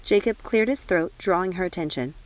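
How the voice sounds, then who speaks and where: A woman narrating an audiobook in a measured, even storytelling voice. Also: fairly low pitch. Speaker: audiobook reader.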